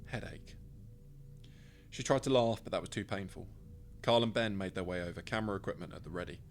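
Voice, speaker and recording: A man's voice: low voice, fast, faint music behind. A man, narrating his own short story in the first person with a dry, wry delivery.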